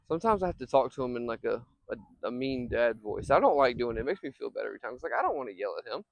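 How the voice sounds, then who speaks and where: A man's voice: mid-range voice, very animated, rapid-fire, vocal fry, few pauses, no echo, poor audio. A young man talking casually in a rambling vlog monologue outdoors, breaking off now and then to call his dog. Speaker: vlogger and software company owner. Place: outdoors in a field.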